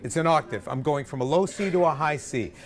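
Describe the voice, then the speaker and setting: A man's voice: a little high, a little fast. A man leading a choir rehearsal, counting in and singing short examples with energy. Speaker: choir director. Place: rehearsal room.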